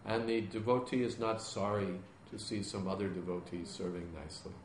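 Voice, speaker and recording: Male spiritual teacher, lowish voice, calm plain explaining in a roomy hall with faint hiss. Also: fairly quick. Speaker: spiritual teacher answering questions. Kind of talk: question-and-answer class. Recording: echoey room with background noise.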